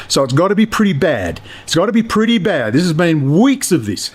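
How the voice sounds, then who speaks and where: A man's voice: on the high side, sing-song, fast, few pauses. A man filming himself in an apartment, giving a heated, profane monologue to camera. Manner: heated, ranting, heavy swearing. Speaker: video blogger. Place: apartment indoors.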